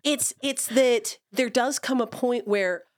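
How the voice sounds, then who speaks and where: A woman co-hosting a podcast, her voice a touch higher than most, rattling off quick and emphatic explanations. The recording is close and dry, with no room around her. She keeps the talk loose and conversational. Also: dry recording. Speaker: podcast co-host. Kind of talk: casual chat.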